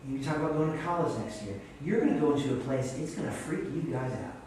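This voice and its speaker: A man from Vermont preaching a sermon in a church, telling stories in an animated, self-deprecating way. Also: medium pitch, fast, noisy background. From Vermont, USA. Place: church sanctuary. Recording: echoey church hall, distant mic.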